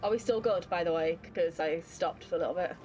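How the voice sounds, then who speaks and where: A woman's voice: lowish voice, fairly quick, lo-fi sound, faint music behind. A woman streaming a video game live, reacting expressively to the story and chatting with her audience. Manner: expressive, reacting aloud, slips into baby talk with her pet. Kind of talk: live gameplay commentary.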